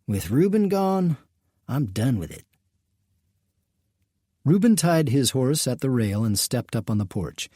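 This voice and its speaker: Western audiobook narrator, male; husky, mellow, steady read, dry studio. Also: medium pitch, no echo. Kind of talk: scripted narration.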